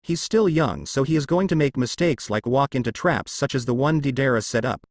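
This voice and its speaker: A man reading as a calm scheming ninja. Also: mid-range voice, fairly quick, no room sound, studio quality, close to an everyday voice.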